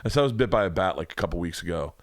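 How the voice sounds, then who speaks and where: Low-voiced man telling a wild story. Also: very fast, no room sound, studio quality. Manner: animated storyteller, acts out quoted voices, swears freely. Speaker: podcast host. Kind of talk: casual storytelling chat. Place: home studio room.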